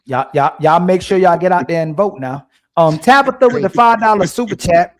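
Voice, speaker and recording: Male stream host, slightly high voice, slangy and playful. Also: fairly quick. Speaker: livestream host reading super chats. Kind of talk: casual panel chat.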